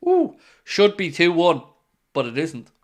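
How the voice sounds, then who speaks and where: Excitable Irish man reacting to football. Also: a little high, a little slow. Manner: excitable, jumps into play-by-play shouts. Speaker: watchalong host. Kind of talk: live match reaction commentary.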